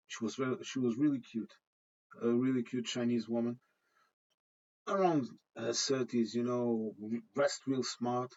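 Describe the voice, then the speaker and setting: A man's voice: medium pitch, highs cut off. A man hosting his own channel, ranting casually to camera with frequent restarts and chuckles. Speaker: channel host. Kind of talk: casual opinion rant to camera.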